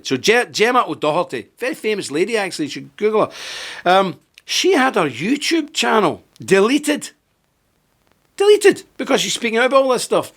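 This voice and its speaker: A man with a fairly high speaking voice delivers a political commentary monologue as host. He sounds indignant and emphatic and keeps asking rhetorical questions. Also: fairly bright tone.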